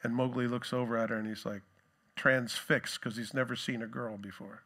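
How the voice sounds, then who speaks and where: A male pastor preaching a sermon in a relaxed, conversational way with joking asides. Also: mid-range voice, fairly quick.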